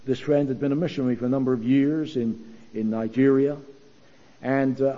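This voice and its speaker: A man's voice: mid-range voice, dark tone. A man from England preaching an earnest sermon, repeating key phrases for weight. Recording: echoey hall, dull lo-fi sound.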